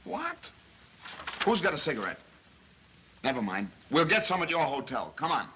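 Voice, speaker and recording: A brash, impatient police inspector barks orders and tosses off wisecracks. His voice is bright and cutting, and its pitch leaps around. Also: sing-song, moderate pace, slight background noise, rough recording. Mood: gruff. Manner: gruff, wisecracking, barking orders. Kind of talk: 1930s film acting.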